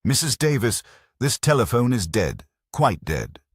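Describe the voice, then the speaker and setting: A man's voice: a bass voice, big pitch swings, moderate pace, husky, no room sound, studio quality, exaggerated voice. A man doing a stiff, clipped old major. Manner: short, staccato.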